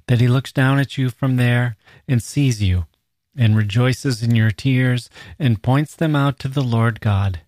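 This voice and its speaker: A man reading aloud as a gentle, solemn old monk elder, measured and steady. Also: medium pitch, no echo, clean studio sound, lightly acted.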